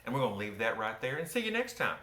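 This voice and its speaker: Southern man, softened accent, theatrical storyteller, bright tone, roomy sound. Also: medium pitch, very animated, fast talker. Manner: wry, theatrical, with joking asides to the listener. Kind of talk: personal storytelling from his book. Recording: roomy echo.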